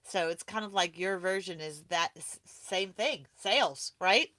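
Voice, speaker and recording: Bright, upbeat woman hosting a live stream. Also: lowish voice, measured pace, no echo. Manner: enthusiastic, laughs often, chatty with restarts. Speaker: host of a live awards broadcast. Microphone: video call.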